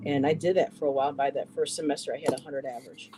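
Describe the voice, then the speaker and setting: A middle-aged man telling a personal story in a halting way, repeating words and quoting what others said. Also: medium pitch, steady tone, background noise. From western New York, US. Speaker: poetry show co-host.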